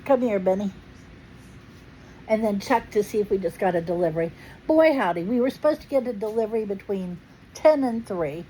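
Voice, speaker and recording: A woman's voice: mid-range voice, lively intonation, a little fast, dark tone, slight background noise, low-quality recording. Chatty woman hosting at home. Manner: chatty, playful, laughs often. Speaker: host. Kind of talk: casual family chat.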